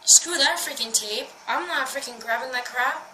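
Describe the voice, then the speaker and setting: A woman's voice: high-pitched, moderate pace, sharp tone, slight background noise, rough recording. A woman giving jumpy, swear-laden commentary while playing a horror game. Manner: jumpy, swearing, talks to herself. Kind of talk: let's-play commentary.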